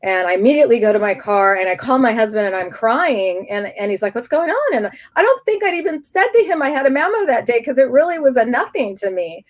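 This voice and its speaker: A middle-aged woman, a guest in an interview, telling a personal story candidly and in an animated way, often restarting her sentences. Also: on the high side, fast, few pauses.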